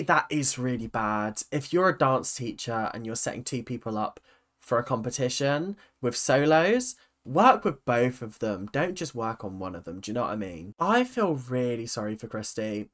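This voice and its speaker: Lively sarcastic woman. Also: rumbling low, moderate pace. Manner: sarcastic, exclamatory, chatty. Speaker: YouTube reaction host. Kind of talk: casual reaction commentary.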